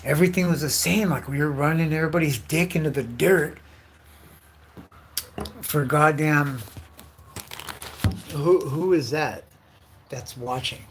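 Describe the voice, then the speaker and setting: A man's voice: fairly high pitch, a little slow, long pauses. A man with a slightly raised voice rambles through a casual livestream rant, swearing constantly and piling one loose thought onto the next. A faint hiss of background noise sits under his talk. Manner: heavy profanity, loose run-on storytelling. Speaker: livestream host.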